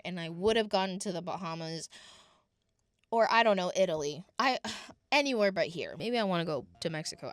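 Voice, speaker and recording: Young woman vlogging a fast food story, lively and dramatic, dry close mic, faint music under it. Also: no echo. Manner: animated, dramatic retelling with sudden pitch jumps and mock voices. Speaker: vlogger telling a work story. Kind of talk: casual storytelling to camera.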